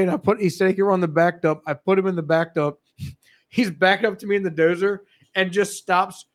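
A young man in casual chat, telling work stories with profanity and loud acted quotes. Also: sits high, steady tone, moderate pace. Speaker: podcast guest.

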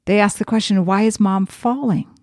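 Woman podcast host and nurse, calm and explanatory, mid-range voice, dry close mic. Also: mid-range voice, normal speed, dry recording. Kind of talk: storytelling podcast monologue.

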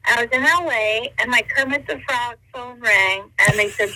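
A woman in her sixties tells stories down the phone in a high, very bright voice. She's animated, jumping into little voices and quotes as she goes. The sound is close and dry. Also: moderate pace, dry recording, rough recording. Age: 60s. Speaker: guest. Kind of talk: interview storytelling.

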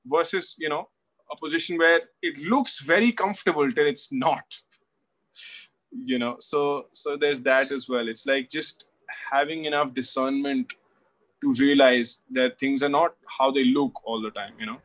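A man with a mid-range voice talks as a guest in a casual conversation. He thinks out loud, leaning on fillers like "you know" and "like". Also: medium pitch, unhurried. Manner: reflective, filler-heavy, says "you know" often.

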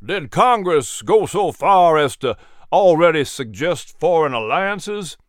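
An actor playing an earnest colonial militia colonel who speaks in a measured, sober way. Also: male voice, on the high side, big pitch swings, dry recording, clean studio sound. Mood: inquiring.

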